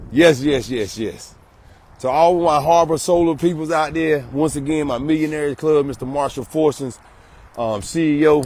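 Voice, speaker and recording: A man doing a live outdoor promo vlog, hyped and repeating slogans and shout-outs. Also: fairly high pitch, normal speed. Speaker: solar sales promoter.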